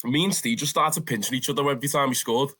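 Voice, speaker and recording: A young man with a Scouse accent, a football fan telling stories in a casual interview, animated and swearing freely. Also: medium pitch, fast. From Liverpool, England. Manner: animated, swears freely, calls the listener "lad".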